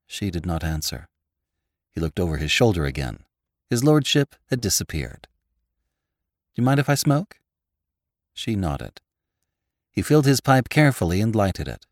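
A man with a low voice narrates a classic story, measured yet lively in his inflection. His reading is recorded close and dry, with no room sound. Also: dry recording. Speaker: podcast narrator. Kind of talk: audiobook narration of classic fiction.

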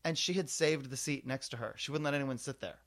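A man co-hosting a podcast, telling animated anecdotes in casual chat, full of fillers. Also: medium pitch, fast talker. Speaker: podcast co-host.

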